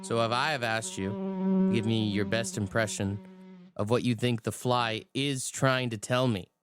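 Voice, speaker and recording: A man's voice: mid-range voice, animated, a little slow, crowd noise. A man hosting a morning radio show, chatting casually and joking with callers. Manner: joking, laid-back banter.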